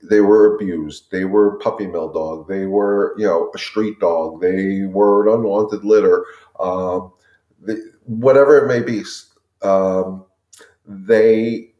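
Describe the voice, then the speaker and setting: Man, fairly deep, a dog trainer hosting a casual live Q&A, earnest and repetitive, roomy echo. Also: steady tone, slow pace, muffled recording. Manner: earnest, repetitive, often addresses "guys". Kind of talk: impassioned casual talk to viewers.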